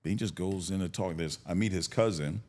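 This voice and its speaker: A man in his fifties from Cleveland, telling stories as a guest in a casual conversation. He is animated, laughs often and acts out the voices of people he quotes. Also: sits low, a little fast. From Cleveland, United States. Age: 50s.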